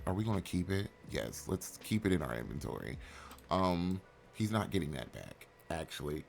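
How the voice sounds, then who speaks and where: A man's voice: low voice, animated, moderate pace, vocal fry, a little hiss or hum. A man casually commentating his life-sim gameplay, rambling and joking with many fillers. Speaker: let's play host.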